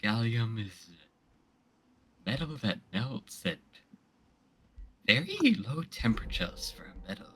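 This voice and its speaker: A co-host on a casual gaming stream, talking hesitantly with many pauses and uhs. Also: medium pitch, huge pitch swings, bright, forceful tone, slightly rough.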